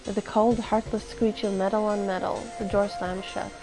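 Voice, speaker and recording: A woman's voice: mid-range voice, flat delivery, normal speed, over music, poor audio. Casual woman streamer reading game text. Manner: casual, swears and muses aloud.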